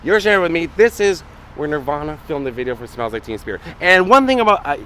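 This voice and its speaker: A man from Canada, a guest on a casual vlog, talking in an excitable, enthusiastic way. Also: a little high, quick pace, a little hiss or hum. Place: outdoors on a studio lot.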